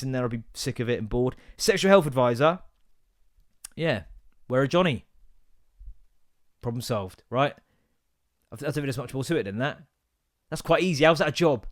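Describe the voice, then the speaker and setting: A man, hosting a comedy podcast with sweary, exasperated rants and sudden loud outbursts. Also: mid-range voice, no echo, clean studio sound. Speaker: podcast host. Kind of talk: comic ranting monologue.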